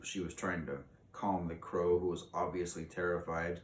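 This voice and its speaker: A man with a low, deep voice reads a children's book aloud at an easy pace, breaking off now and then for relaxed asides. He sits back from the mic, and the room adds a noticeable echo. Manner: unhurried, casual asides, coughs. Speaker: reader. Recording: echoey room, distant mic, faint noise.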